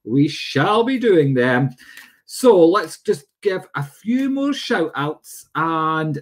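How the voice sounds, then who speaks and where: A man's voice: fairly high pitch, very animated, slow. A man hosting a live psychic stream, chatting and greeting viewers by name. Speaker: psychic medium host. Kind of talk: livestream chat.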